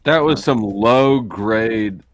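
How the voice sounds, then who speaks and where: A man's voice: on the low side, very slow. A man trading crude, teasing jokes in a casual voice chat. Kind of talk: crude joking voice-chat banter.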